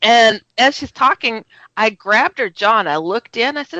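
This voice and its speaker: A woman's voice: a little high, a little slow, dry recording, muffled recording. A woman co-hosting a radio talk show, telling stories animatedly, often laughing and acting out voices. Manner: animated storyteller, laughs often, acts out dialogue. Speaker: radio co-host. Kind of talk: casual radio chat.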